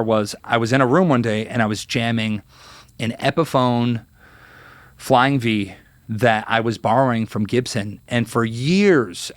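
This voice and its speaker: Telling stories in a laid-back interview, a guest guitarist in his thirties sounds lively and acts out what people said, with plenty of fillers. His voice sits in the mid-range, and there's no room sound.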